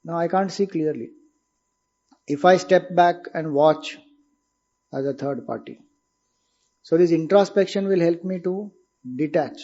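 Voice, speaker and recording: A man's voice: on the high side, unhurried, long pauses, mellow. Indian-accented man giving a spiritual talk. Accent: Indian English. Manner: explanatory, conversational, with rhetorical questions. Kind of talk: informal spiritual discourse. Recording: dull lo-fi recording.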